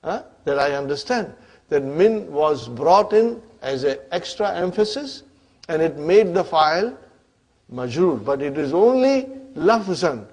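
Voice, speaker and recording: A man's voice: a little high, lively intonation, a little mellow. Man teaching grammar, constantly checking in. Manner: checks in with students constantly, asking "huh?" and "are you with me?"; mixes English with Arabic grammar terms, some spoken slowly and deliberately. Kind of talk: classroom grammar lecture. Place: classroom with students.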